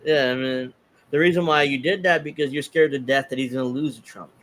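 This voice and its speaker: Guy doing political commentary, snarky, reads tweets w/ a mocking edge, mid pitch, bit of hiss behind. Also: fairly even intonation, brisk, a bit bright.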